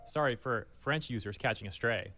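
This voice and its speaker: A man's voice reading out online comments in an even, flat delivery. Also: medium pitch, normal speed, faint music behind, close to an everyday voice.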